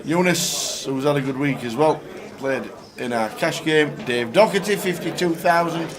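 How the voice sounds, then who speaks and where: A man's voice: a little high, normal speed. Chatty male poker commentator, crowd behind. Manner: chatty, upbeat, reads out chip counts. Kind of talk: live poker commentary banter. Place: poker tournament room.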